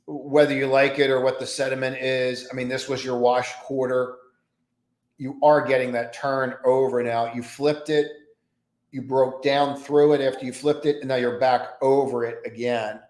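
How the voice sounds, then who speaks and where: Rambling man thinking aloud, roomy sound. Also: mid-range voice. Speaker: trading livestream host. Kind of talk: live pre-market commentary. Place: home trading desk with many monitors. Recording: roomy echo.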